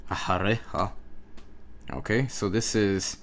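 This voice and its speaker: A man's voice: lowish voice, fairly even intonation, measured pace, slight background noise. A man giving a language lesson, patiently repeating words and checking with the listener. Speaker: Hebrew teacher. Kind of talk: slow, drilling language lesson.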